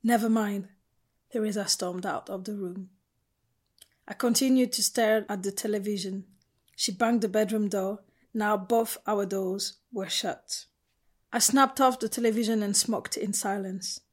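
Woman, audiobook narrator, first-person, measured and intimate. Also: mid-range voice, fairly even intonation.

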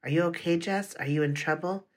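A reader doing a motherly woman assistant principal, firm but warm and reassuring. The delivery is a steady storybook reading at a middling pitch. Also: a little fast, close to an everyday voice. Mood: gentle. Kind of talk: audiobook reading.

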